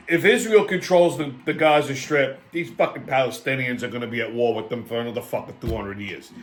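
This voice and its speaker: A man's voice: a little high, a bit bright. A male host ranting on a comedic political show, brash, swaggering and full of swearing. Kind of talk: profane comedic political rant.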